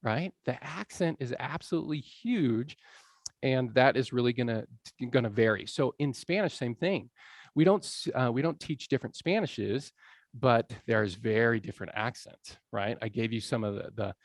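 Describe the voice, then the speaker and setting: A man's voice: mid-range voice, normal speed, no room sound, studio quality. A man lecturing on language learning in a conversational way, often checking in with his audience. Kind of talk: public lecture. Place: college lecture room.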